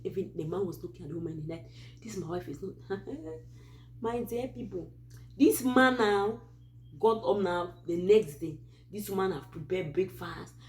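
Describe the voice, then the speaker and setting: Background noise sits behind a woman whose voice runs on the low side. She is Cameroonian, speaks with a Cameroonian English accent, and hosts a Christian advice channel, where she shares a true story in an easygoing, animated style with plenty of digressions.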